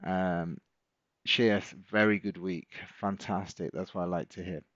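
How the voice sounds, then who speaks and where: A man's voice: low voice, steady tone, unhurried, fairly bright tone, no room sound, lo-fi sound. A middle-aged man, hosting a live stream as a trading coach, chatting casually and encouraging viewers as he reads out their comments.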